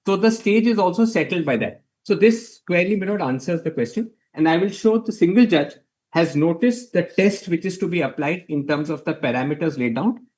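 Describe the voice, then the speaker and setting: A man's voice: on the high side, a little mellow. A man arguing a case before a court, formal and deferential, setting out numbered points and addressing the bench as my lord.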